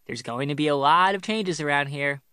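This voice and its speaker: A man's voice: fairly high pitch, normal speed, sharp tone, smooth, no echo, clean studio sound. A man voicing a pushy, teasing mother-in-law with a sing-song lilt, reading a story aloud. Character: pushy sing-songy mother-in-law, woman, middle-aged.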